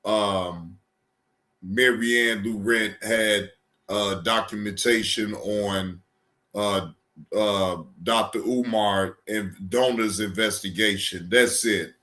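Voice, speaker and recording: Casting: male reaction streamer, slow and bright-toned, blunt and casual. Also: on the low side, steady tone. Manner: blunt, dismissive, stammering fillers.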